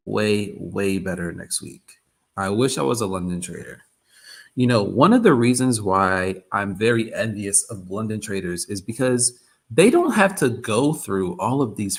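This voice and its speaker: Hosting a live trading stream, a man chats loosely and keeps repeating himself. His voice sits on the low side, gravelly with a breathy edge.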